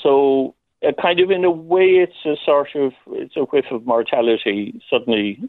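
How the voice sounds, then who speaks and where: Playwright guest over a phone line, dry sound, hesitant and reflective, mid-pitched man. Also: normal speed, no echo. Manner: thoughtful, hesitant, laughs often. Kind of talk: phone interview.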